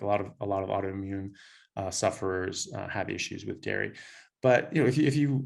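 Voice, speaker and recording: A low-voiced man from Southern California talking in a casual interview. He tells stories with laughs and frequent restarts. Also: a little mellow. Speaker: doctor, guest.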